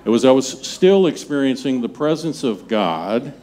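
A man in his seventies, a pastor preaching a sermon in a church, talking in a conversational, halting way with many restarts. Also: mid-range voice, sing-song, warm tone, slight background noise. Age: 70s. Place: church sanctuary.

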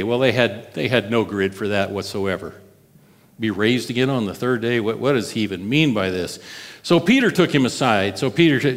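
In a large hall, a male pastor preaches a sermon conversationally and expressively, asking his listeners questions. His voice sits on the low side at normal speed.

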